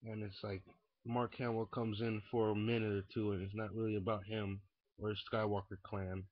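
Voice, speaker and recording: A young man ranting casually into a webcam indoors, profane and rambling, swinging from muttering to shouting. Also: lowish voice, level tone, moderate pace, no echo. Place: indoors at home. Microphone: webcam mic. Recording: dull lo-fi webcam audio.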